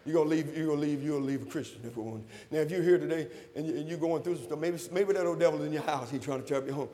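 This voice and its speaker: A man, preaching a sermon to a responding congregation, fervent and rising to shouts. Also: on the high side, rapid-fire. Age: 60s. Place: church sanctuary. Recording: long hall reverb.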